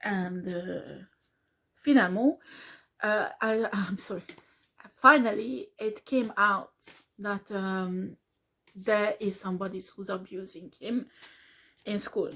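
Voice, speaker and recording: A woman's voice: medium pitch, steady tone, slow pace, creaky, long pauses, a bit bright. A woman, speaking earnestly as a tarot reader who repeats herself and slips into words now and then. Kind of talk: casual spoken reading.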